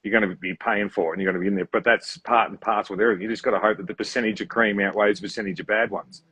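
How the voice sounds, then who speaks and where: A man's voice: fairly low pitch, fairly even intonation, very fast, pushed and bright, slightly rough, dry recording, rough recording. An Australian earthmoving contractor guesting on a podcast, talking bluntly and swearing freely while acting out his clients. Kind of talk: casual podcast chat.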